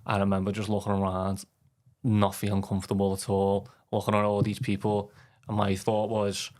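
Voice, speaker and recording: Flat, low-voiced man, frank and self-deprecating. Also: moderate pace. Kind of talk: candid podcast conversation.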